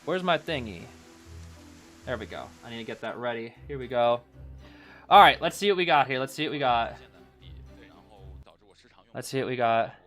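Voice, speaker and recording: A man casually co-watching an esports final, reacting excitedly and often saying "bro". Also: medium pitch, normal speed, pauses often, soft background music. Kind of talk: casual live watch-along commentary.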